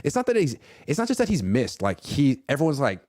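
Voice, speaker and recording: Lively man in his thirties hosting sports chat. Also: fairly high pitch, a little fast, dry recording, studio quality. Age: 30s. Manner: animated, jokey, acts out quotes. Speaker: podcast host.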